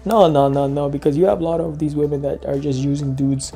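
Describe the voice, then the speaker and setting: A man's voice: a little high, fairly even intonation, fairly quick, vocal fry, mellow. A man giving casual reaction commentary, ranting in slang and filling gaps with "da, da, da" and "yada, yada".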